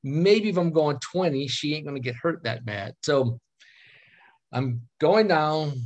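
Animated man telling a story on a video call. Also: on the high side, a little slow, lo-fi sound. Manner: animated, acts out quoted dialogue, laughs often. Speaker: guest telling a personal story.

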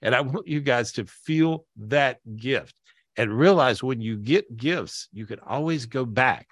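A man's voice: medium pitch, a little slow, no echo, clean studio sound. A man hosting a live podcast over a video call, teary and emotional, rambling and repeating himself. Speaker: host.

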